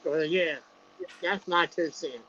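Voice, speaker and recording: A woman's voice: deep voice, fairly even intonation, slow, bright, forceful tone. Woman, easygoing caller, muffled lo-fi sound, faint background hiss. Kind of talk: casual chat. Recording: dull lo-fi line with faint noise.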